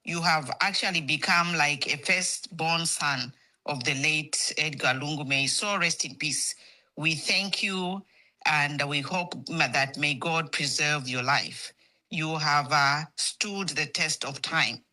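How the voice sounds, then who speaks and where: A woman calls in over the phone, speaking slowly and earnestly with a bright, sharp tone. Her voice is lower than most women's, and she halts often with fillers as her emotion shows. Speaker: caller. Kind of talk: call-in comment to a political show.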